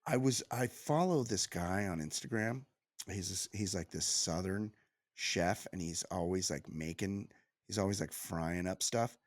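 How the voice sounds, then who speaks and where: A man co-hosting a podcast, reading news aloud and riffing on it in casual comedic banter, full of restarts and quick asides. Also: low voice, no echo, clean studio sound. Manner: animated, riffing, reads news aloud then jokes; frequent restarts and filler yeahs. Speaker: podcast co-host.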